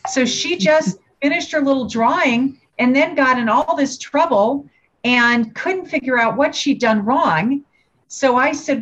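A woman, a parenting trainer, telling personal stories in an animated way and acting out the voices. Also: fairly high pitch, moderate pace. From United States. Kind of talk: personal storytelling in conversation. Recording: dull lo-fi sound.

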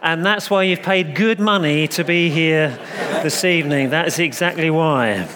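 A man preaching a Christmas sermon, a humorous, self-deprecating storyteller who slows down for emphasis. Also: on the high side, background noise.

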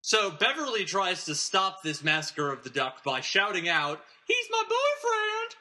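A man's voice: on the high side, lively intonation, moderate pace, bright, forceful tone. A man hosting a podcast, casually recapping a film plot in a rambling, digressive way and chuckling as he talks. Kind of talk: casual chat.

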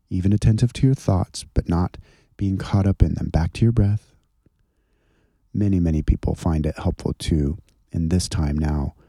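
A man with a very low, gravelly voice leads a guided contemplative prayer. His tone is dark and husky, slow and gentle. The sound is dry and close. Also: dry recording. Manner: slow, gentle, soothing guidance. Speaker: pastor leading guided prayer.

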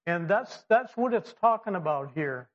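A man's voice: sits high, normal speed. A man preaching a sermon in a conversational way, full of fillers and restarts, acting out quoted voices. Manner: lively, acts out quoted voices. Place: church or classroom with slides. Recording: dull lo-fi sound.

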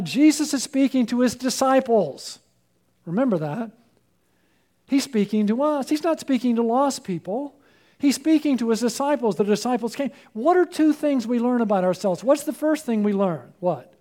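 A man's voice: extremely high pitch, dark tone. A man preaching a sermon as pastor, emphatic and rising sharply when he urges, often asking the congregation call-and-response questions.

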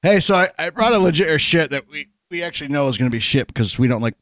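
A man chatting casually on a podcast, swearing freely and laughing his way through stories. His voice sits a little high, and the sound is dry and close with no room around it. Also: lively intonation, fast talker, a bit bright, no echo. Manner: profane, laughing storyteller. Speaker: podcast co-host. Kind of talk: casual chat.

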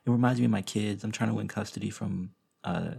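A man's voice: on the low side, fast, creaky, very noisy. A man hosting a podcast, telling stories in a casual, rambling way with frequent restarts. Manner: rambling, self-interrupting storyteller with frequent restarts. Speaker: podcast host.

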